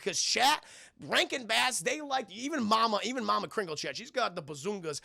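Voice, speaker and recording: High gravelly-voiced male streamer. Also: animated, a little fast, bright, forceful tone, no echo, clean studio sound. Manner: rambling, profane, chatty, addressing the chat. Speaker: streamer and film reviewer. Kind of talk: casual stream commentary.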